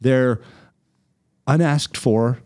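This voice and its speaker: Male host, mid-range voice, loose and animated storyteller. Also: medium pitch, very slow. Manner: animated, repeats words while telling a story. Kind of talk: casual storytelling chat.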